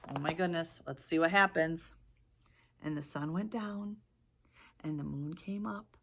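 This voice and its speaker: A woman teacher reading a picture book aloud to young children, with lively gasps and questions. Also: low voice, unhurried, long pauses, breathy edge. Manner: animated storytelling, gasps and asks questions. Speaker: preschool teacher.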